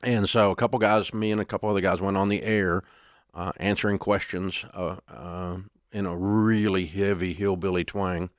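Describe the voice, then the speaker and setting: A middle-aged man, telling stories in a folksy, animated way as an interview guest. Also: low-pitched, moderate pace, no echo, clean studio sound. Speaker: guest, business founder. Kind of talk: storytelling interview.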